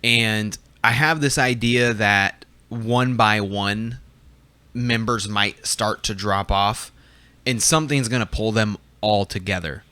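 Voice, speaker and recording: A man's voice: on the low side, slow pace, sharp tone, clear, resonant tone, no echo. A young man co-hosting a casual fan podcast, talking chattily with fillers and restarts. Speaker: podcast co-host.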